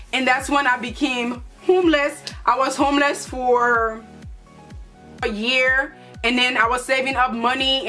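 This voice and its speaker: A young woman from Liberia telling a lively storytime vlog, acting out her relatives' voices. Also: a little high. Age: young adult. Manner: animated, playful storytelling with put-on voices for relatives. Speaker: vlogger.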